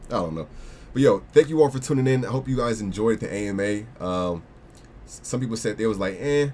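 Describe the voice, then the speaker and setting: A man's voice: lowish voice, animated, fairly quick, darkish tone, slight background noise. A young man hosting a casual crypto livestream, rambling with lots of restarts and slangy asides.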